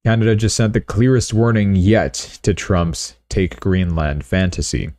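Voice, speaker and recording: A man's voice: deep voice, steady tone, unhurried, few pauses, darkish tone, dry recording. A man hosting a live news stream, reading headlines aloud and adding sarcastic, offhand remarks. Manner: sarcastic, offhand, reads headlines then riffs. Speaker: crypto news livestream host. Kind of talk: casual live-stream commentary.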